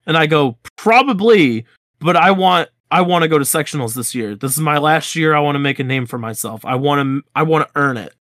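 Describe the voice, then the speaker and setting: A man's voice: a little high, fast, few pauses, no room sound, studio quality. A young man in his twenties, co-hosting a podcast, telling a school story in a casual chat and acting out the dialogue. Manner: animated storyteller, acts out quoted dialogue. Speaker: podcast co-host.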